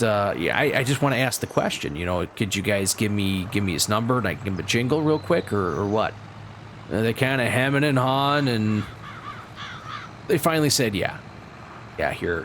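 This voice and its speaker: Folksy guy chatting over a farm game, medium pitch, gets all jazzed, faint game noise behind. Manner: folksy, excitable, lots of "you betcha"; chatty and rambling with frequent restarts. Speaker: gaming channel host. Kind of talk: role-play gameplay commentary.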